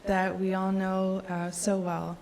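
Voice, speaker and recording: A woman from San Antonio moderating a live event, speaking in an earnest, measured way. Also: mid-range voice, completely flat delivery, a little mellow. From San Antonio, Texas.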